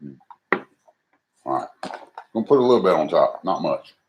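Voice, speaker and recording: A man's voice: deep voice, animated, moderate pace, muffled recording. A man hosting a live cooking stream, chatting casually and poking fun at himself as he talks to viewers. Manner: folksy, self-deprecating, talks to viewers as he cooks. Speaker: cooking livestream host. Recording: noisy home recording.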